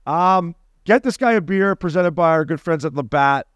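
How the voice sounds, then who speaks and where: A man co-hosting a podcast in casual chat, telling stories excitedly and swearing freely. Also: on the high side, moderate pace, clear, resonant tone, no echo, clean studio sound. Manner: excitable, profane, storytelling. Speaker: podcast co-host.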